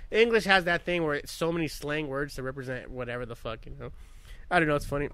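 A man's voice: a little high, fast, a bit bright, clear, resonant tone, no room sound. An American man co-hosting a podcast in casual chat, rambling, laughing often and swearing freely. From United States. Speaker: podcast co-host.

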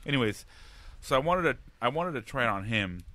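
A man's voice: medium pitch, expressive, brisk, bright, forceful tone. A man, a father, telling a profane story in casual podcast chat, laughing often as he goes. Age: adult, a father.

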